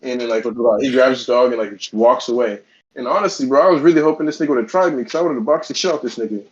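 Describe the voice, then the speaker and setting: A man's voice: medium pitch, quick pace, muffled recording. A man co-hosting a casual podcast, telling a heated, profane story. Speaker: podcast co-host.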